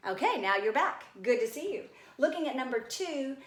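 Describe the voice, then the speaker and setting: A woman's voice: sits high, sing-song, moderate pace, echoey room. A woman teacher giving a recorded grammar lesson, coaxing and addressing her class directly.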